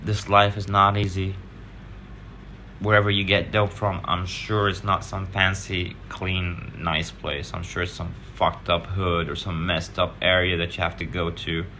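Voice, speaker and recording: A man's voice: sits low, little pitch movement, a little slow, bright, forceful tone, slight background noise. A man casually telling blunt, profane stories from his past, rambling with side remarks. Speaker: vlogger sharing recovery stories. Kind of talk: casual storytelling monologue.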